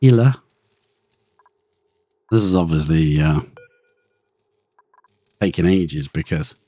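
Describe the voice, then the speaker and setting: A man's voice: sits low, darkish tone, slightly rough, dry recording. A man giving chatty live gameplay commentary, thinking aloud and talking to the creatures in his game. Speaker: streamer playing a colony-building game.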